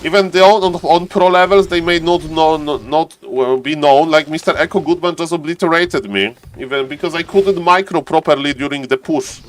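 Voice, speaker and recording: Excitable streamer casting a strategy game. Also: male voice, on the high side, moderate pace, hardly any pauses. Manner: excitable, repeats phrases, addresses chat by name. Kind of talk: excited live game commentary and chat.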